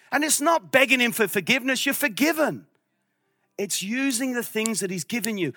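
A male pastor preaching a sermon with passion, at times breaking into shouts. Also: very high voice, expressive, normal speed, a little hiss or hum.

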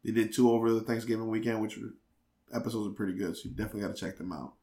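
A man's voice: lowish voice, steady tone, racing, mellow, echoey room. A man hosting a podcast, chatting casually, rambling and stumbling over restarts while he teases his guest. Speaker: podcast host.

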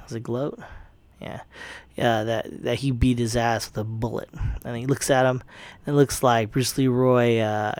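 A podcast host, an adult man with a young child, recaps a film casually in a mid-range voice on a dry recording. His retelling rambles and swears, packed with fillers and restarts.

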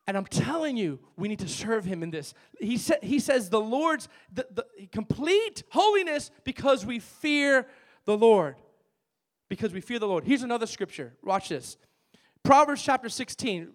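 A male pastor preaching a sermon in a church, calling out to the congregation for answers and telling lively stories. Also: high-pitched. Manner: emphatic call-and-response preaching with lively storytelling. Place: church with a worship team.

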